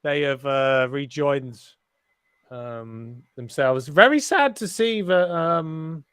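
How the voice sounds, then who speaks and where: A man's voice: a little high, animated, takes it slowly, a bit bright, clean tone, no room sound, clean studio sound. A man hosting a live race stream, commentating with cheeky, swearing banter.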